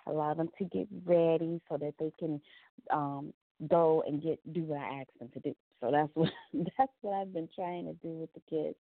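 A woman with a low, gravelly voice talks easily through her podcast, laughing now and then and slipping into playful quoted voices. The sound is dry and thin, as if it came over a phone line. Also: no echo. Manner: chatty, laughing, acts out little quoted voices. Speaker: podcast host. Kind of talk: casual solo podcast talk.

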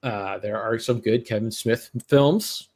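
A man's voice: medium pitch, a little slow, a little mellow. A man hosting a podcast, chatting casually and giving his blunt, rambling opinions. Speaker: podcast host. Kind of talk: casual chat.

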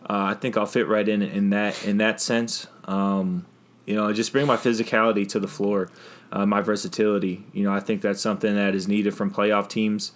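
A young man with a fairly low voice chats easily on a podcast. He talks at an unhurried pace and fills his sentences with "you know" and "um". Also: little pitch movement. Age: young adult. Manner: laid-back, many fillers, laughs often. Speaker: podcast guest, basketball player. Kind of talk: casual chat.

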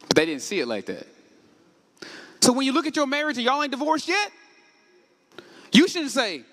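Man, pastor, sermon, high voice, lively pitch. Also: moderate pace, pauses often. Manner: animated preaching, rising to shouts, call-and-response questions. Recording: echoey hall with long reverb.

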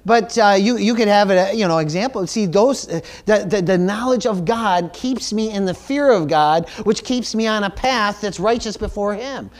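A man's voice: high voice, moderate pace, hardly any pauses. Emphatic preaching man. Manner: earnest, emphatic, repeats words when stressing points; calls for audience responses like "Amen?". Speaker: pastor. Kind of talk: sermon.

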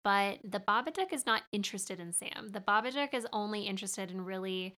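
Bright-voiced chatty young woman. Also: medium pitch, fairly quick. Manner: chatty, laughs often, acts out quotes. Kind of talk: casual movie discussion.

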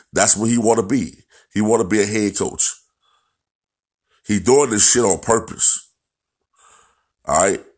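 A man goes off on a sports rant in a lowish voice. He is blunt and profane and keeps repeating his points as he hammers them home. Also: husky. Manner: blunt, profane, repetitive, ranting. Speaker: football commentator.

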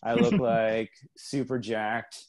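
A man's voice: mid-range voice, steady tone, slow pace, crowd noise. A man guesting on a podcast, joking around in casual chat and leaning on filler words like "like" and "you know.".

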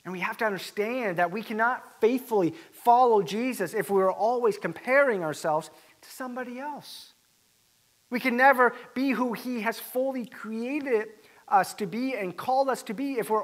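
A man preaching a sermon as pastor, animated and acting out the quoted voices with rising emphasis. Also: very high-pitched, moderate pace.

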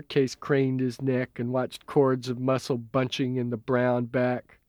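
Male audiobook narrator, steady delivery, dead-dry recording. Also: medium pitch, measured pace, no echo. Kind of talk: scripted narration.

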